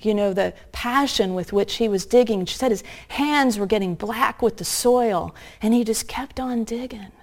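A woman preaching a sermon, telling a story earnestly and slowing down to stress key points. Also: medium pitch, vocal fry. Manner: earnest, slows down for emphasis.

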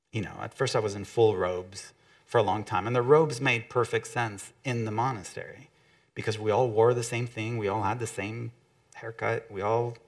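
A man giving a conversational motivational talk to an audience, often acting out quotes from other people. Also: lowish voice.

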